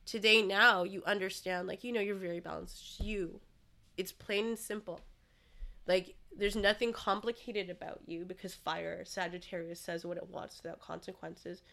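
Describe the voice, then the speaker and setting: A woman hosting a casual podcast chat and reading tarot cards, animated and quick to laugh. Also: on the low side, gravelly.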